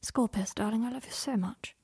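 A woman voicing a weak, injured wizard man who speaks in breathy whispers, in a storybook reading. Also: a little high, fairly quick, a little mellow, no echo, clean studio sound, exaggerated voice. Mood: tender.

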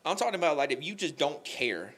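A young man telling an emotional faith story on a podcast, animated and full of "like" fillers. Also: fairly high pitch, a little fast, husky. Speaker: podcast guest. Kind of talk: candid faith conversation.

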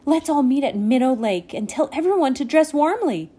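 Bubbly young fairy girl, high and mellow, gushing, as a woman reads her. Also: moderate pace. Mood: eager. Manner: gushing, excitable. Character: eager young female water fairy.

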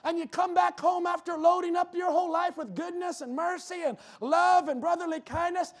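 Man, pastor, very high voice, fervent sermon, shouted emphasis, church. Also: fairly even intonation. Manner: fervent preaching with shouted emphasis and quick asides to the congregation.

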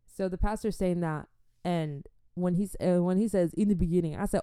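A woman vlogger in casual chat with her viewers, animated and chatty, dropping churchy exclamations. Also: on the low side, moderate pace, clear, resonant tone, no room sound, clean studio sound.

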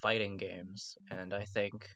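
A woman's voice: extremely low pitch, level tone, slow pace, fairly bright tone, no echo. A young woman co-hosting a casual gaming podcast chat, explaining her views earnestly and analytically, with casual swearing. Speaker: podcast co-host.

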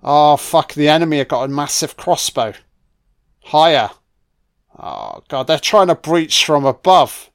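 Relaxed man swearing through a commentary. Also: a little high, measured pace. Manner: swears freely, reacts excitedly to the action. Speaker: film commentator. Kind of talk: casual film commentary.

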